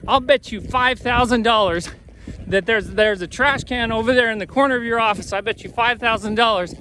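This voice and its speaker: A man's voice: very high voice, fairly quick, sharp tone, a little hiss or hum. A man voicing a wily old gambler in a told joke, folksy and bargaining. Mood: sly.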